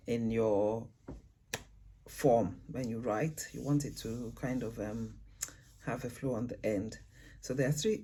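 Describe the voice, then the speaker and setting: A man teaching beginners about rhyme in a casual tutorial. He pauses often to search for words and spells out letters. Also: medium pitch, dark tone. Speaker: poetry tutor.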